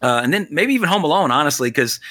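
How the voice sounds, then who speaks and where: A man's voice: fairly high pitch, animated, fast talker, sharp tone, no echo. Rambling man on a dry podcast mic. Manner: rambling, full of restarts and "you know". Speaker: podcast co-host. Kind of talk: casual movie chat.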